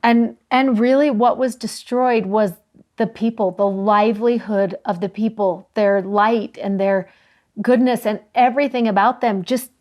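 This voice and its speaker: Earnest higher-voiced woman co-hosting. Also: fairly even intonation. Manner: earnest, warm storytelling with slowed emphasis. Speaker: co-host of a scripture study show. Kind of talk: casual scripture discussion.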